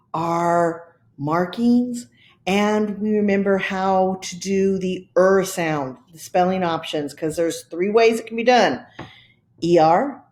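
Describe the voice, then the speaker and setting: A woman teacher talks through a spelling lesson at an unhurried pace, pausing between each step. Her voice sits in a middle register, patient and deliberate. The sound carries a noticeable room echo. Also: medium pitch, darkish tone. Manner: patient, deliberate, repeats instructions. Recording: roomy echo.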